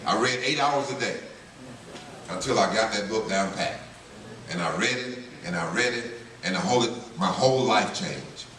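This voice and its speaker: A man's voice: lowish voice, normal speed, a bit bright. A man from North Carolina giving an earnest, story-driven testimony at a banquet, acting out the voices of people in his story. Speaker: banquet speaker. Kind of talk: testimony speech. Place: banquet hall. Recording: echoey hall, speaker far from mic, faint hiss.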